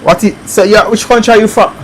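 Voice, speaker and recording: A man with a Jamaican accent chatting casually on a live stream as he works on a repair, reading viewer comments aloud and thinking out loud. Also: high-pitched, fairly even intonation, fast talker, slight background noise, rough recording. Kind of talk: casual live-stream chat while working.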